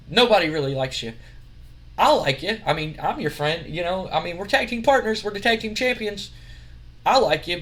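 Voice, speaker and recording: A man's voice: sits high, a bit bright. A man voicing a smug, boastful male wrestler who speaks bluntly.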